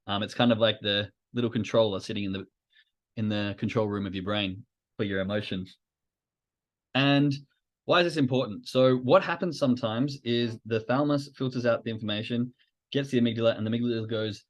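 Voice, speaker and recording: A man's voice: mid-range voice, a little fast. A man hosting a podcast, explaining ideas in an informal, conversational way with frequent fillers. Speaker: podcast host. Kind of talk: educational podcast talk.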